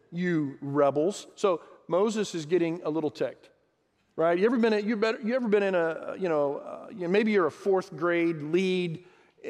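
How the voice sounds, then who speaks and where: A man's voice: on the high side, darkish tone, big-room sound. A male pastor preaching a sermon in a conversational way, talking directly to the congregation.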